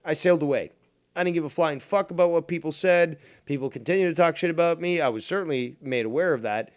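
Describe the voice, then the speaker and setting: A man hosting a podcast, ranting loudly and with lots of swearing, sometimes mocking other people's voices. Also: a little high, quick pace, no echo, studio quality. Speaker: podcast host. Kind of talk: heated casual chat.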